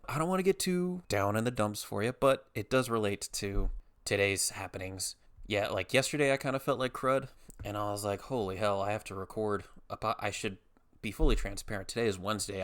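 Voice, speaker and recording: Low-voiced young man rambling comically. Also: expressive, brisk, a bit bright. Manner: rambling, self-mocking, acts out others in quoted voices; swears casually, slangy. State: tired after a migraine. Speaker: podcast host. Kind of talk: casual solo podcast monologue.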